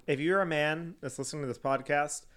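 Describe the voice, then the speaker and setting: A man's voice: on the high side, fairly quick, a bit bright. Joking flamboyant man, podcast co-host. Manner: flamboyant, joking, laughs often. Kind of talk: casual chat recapping a reality show.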